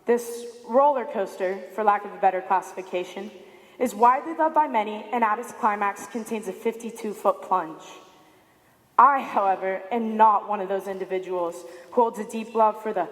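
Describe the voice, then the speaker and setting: At a student symposium, a young woman delivers a prepared speech in a medium-pitched voice at a moderate pace, the sound carrying like a big room. She tells a story and brings its quotes to life by acting them out.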